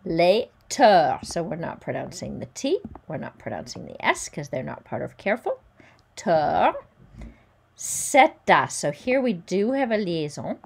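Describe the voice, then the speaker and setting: A woman teacher giving a careful pronunciation lesson. She says each French word slowly and distinctly, then explains it in plain English. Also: on the low side, very animated, darkish tone. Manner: sounds out French words slowly and clearly, then explains them. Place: recording at home or in a classroom with a virtual whiteboard.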